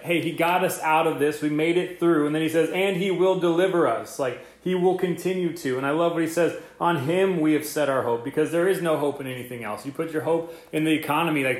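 A man giving a casual, excited sermon as a pastor, talking conversationally with many fillers. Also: on the high side. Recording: roomy echo.

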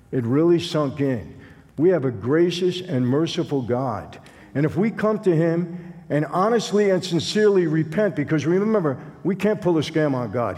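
A guest speaker from Brooklyn, New York, gives a conversational, streetwise testimony sermon, acting out dialogue in his Brooklyn accent. His voice is fairly high and a little mellow, heard through long hall reverb.

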